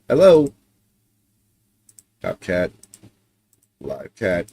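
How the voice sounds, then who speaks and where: A man's voice: medium pitch, animated, normal speed, fairly bright tone. Blunt, cursing male streamer. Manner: blunt, swears freely, grumbling. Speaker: live streamer. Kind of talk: casual live-stream chat.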